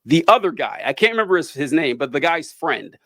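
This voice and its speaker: A man's voice: fairly high pitch, big pitch swings, brisk, bright, forceful tone, no room sound, soft background music. A man co-hosting a casual chat about a movie, rambling and swearing freely with frequent laughs. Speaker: podcast co-host.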